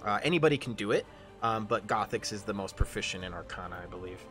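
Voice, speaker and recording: A man running a live-streamed tabletop game as game master, often pausing with fillers and apologizing. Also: on the low side, animated, a bit bright, soft background music. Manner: hesitant, many fillers, apologetic.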